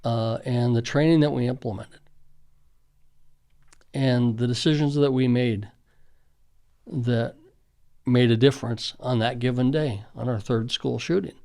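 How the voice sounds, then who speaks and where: A man's voice: medium pitch, unhurried, vocal fry, pauses often, a little mellow. A middle-aged man, a school safety official, earnestly reminiscing in conversational storytelling with frequent fillers.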